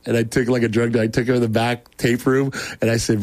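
A middle-aged man from Oregon telling his conversion story in a casual interview, animated and rambling, often restarting sentences and laughing as he talks. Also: medium pitch, fast talker, few pauses, no echo.

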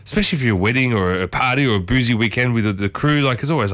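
A man's voice: medium pitch, rapid-fire, a bit bright, dry recording. A man hosting a casual talk, chatting to his listeners and often turning to ask them questions. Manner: chatty, asks the audience many questions. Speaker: host.

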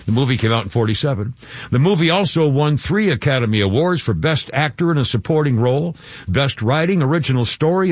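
A male radio host talks in a loose, chatty way, full of laughter and quick asides. His pitch swings widely, sitting a bit high for a man. The sound is dry and close, with a slightly dull, lo-fi tone. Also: no echo. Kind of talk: casual radio talk.

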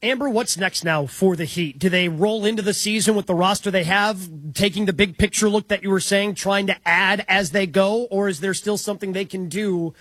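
A man co-hosting a sports talk show, measured and a little hesitant as he starts his points. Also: high-pitched, steady tone, fairly bright tone, dry recording.

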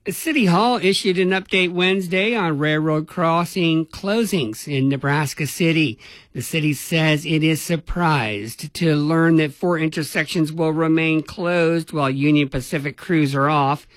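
A man's voice: on the high side, no echo. Man reading radio news, dry studio sound. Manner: even, measured newsreader delivery. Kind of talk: read news bulletin.

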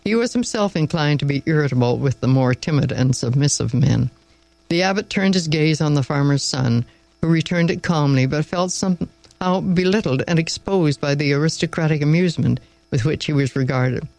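A male host reads a story in a calm, measured, unhurried way. His voice sits a little high with a gravelly grain. The recording is dry and close, with no room sound. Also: no echo, poor audio. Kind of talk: storybook reading.

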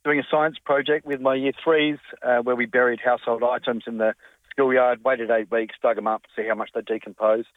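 A man's voice: mid-range voice, brisk. Man on a tinny phone line. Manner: steady, matter-of-fact telling. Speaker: caller, teacher. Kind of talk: radio call-in anecdote.

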